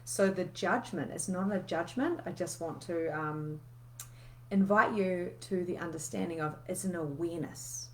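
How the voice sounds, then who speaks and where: A woman's voice: fairly low pitch, moderate pace, slight background noise. A woman, coaching in a casual, candid live session where she swears freely and reads out viewer comments.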